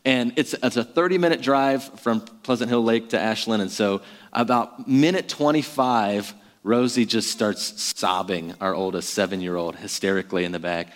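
A man's voice: lowish voice, moderate pace, in a large hall. A man in his thirties, a pastor preaching a sermon in a conversational, self-deprecating way with many fillers.

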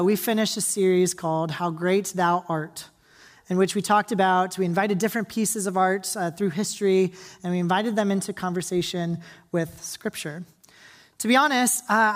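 Chatty young woman preaching a sermon. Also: medium pitch. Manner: casual, chatty, with many fillers and audience asides; soft, quiet reading and prayer. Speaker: pastor. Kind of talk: scripture reading. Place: church hall.

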